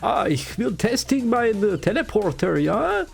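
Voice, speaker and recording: A man voicing a giddy, unhinged male mad scientist in a shrill, cartoonish mock German accent, pitched well above his own voice. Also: big pitch swings, measured pace, creaky, faint music behind, exaggerated voice.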